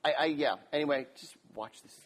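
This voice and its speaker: A man's voice: a little high, a little fast. Upbeat man hosting an interview. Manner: friendly and enthusiastic, promotional. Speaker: interview host. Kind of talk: casual interview chat.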